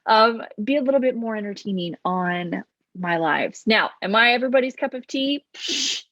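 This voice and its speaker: A woman who works as a coach gives casual advice to camera. She talks loud and fast with lively energy. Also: on the high side, dry recording. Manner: loud, fast, animated talker who talks with her hands. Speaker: business coach. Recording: dull, slightly lo-fi, dry sound.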